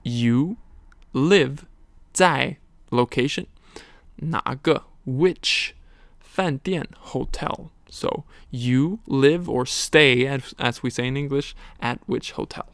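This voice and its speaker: A man teaching a recorded language lesson, slowly explaining words, tones and examples. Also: medium pitch, no room sound.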